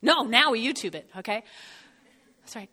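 A middle-aged woman from North Jersey with a New Jersey accent, giving an animated sermon and often checking in with her listeners. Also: fairly high pitch, normal speed, slightly rough, in a large hall. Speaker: speaker. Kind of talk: sermon with personal storytelling.

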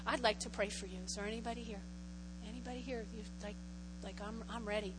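A woman pastor giving a conversational sermon in a church, often checking in with "okay?", and moving from loud prayer to a soft invitation. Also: on the high side, fairly even intonation, fast talker, heavy background noise. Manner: conversational, repeats phrases, frequent "okay?" check-ins. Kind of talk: sermon with altar call.

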